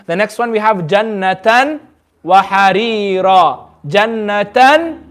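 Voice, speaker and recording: High-voiced man teaching recitation. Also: expressive. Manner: patient, repetitive, draws out recited words slowly. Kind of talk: tajweed lesson with call-and-response recitation. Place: community centre classroom.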